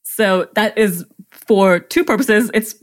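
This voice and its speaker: A woman's voice: mid-range voice, slow. A woman photographer, a podcast guest, describing her client process step by step with enthusiasm. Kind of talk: conversational interview.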